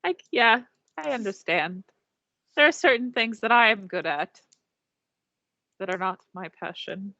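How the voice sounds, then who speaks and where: A woman voicing a slow, gentle old male turtle monk who speaks politely, with a put-on British lilt. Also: mid-range voice, lively intonation, no room sound, dull audio. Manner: polite, calls people "dear heart", suddenly British.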